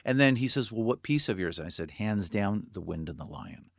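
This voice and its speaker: A man's voice: on the low side, a little fast, vocal fry, dry recording, clean studio sound. A middle-aged man, a cinematographer and filmmaker, telling stories in casual conversation, humming tunes and imitating people. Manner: lively anecdotes, hums tunes and imitates people.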